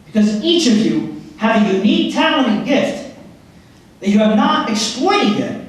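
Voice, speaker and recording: A high-pitched man gives a motivational talk and tells a story with lively acted-out characters. He is recorded from far off in a very echoey hall, so his voice sounds distant. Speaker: motivational speaker. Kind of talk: live presentation with storytelling. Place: public library meeting room before an audience.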